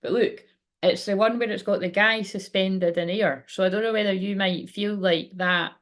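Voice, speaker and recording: A woman's voice: medium pitch, steady tone, moderate pace. Chatty woman reading tarot live. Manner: chatty, laughs often, swears casually, reads viewer comments aloud. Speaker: tarot card reader and livestream host. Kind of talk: casual live-stream card reading.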